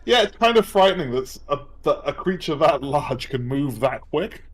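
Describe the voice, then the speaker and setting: A man's voice: on the high side, animated, normal speed. A man playing in an online tabletop game, narrating his character's actions with laughter and energy. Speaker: player.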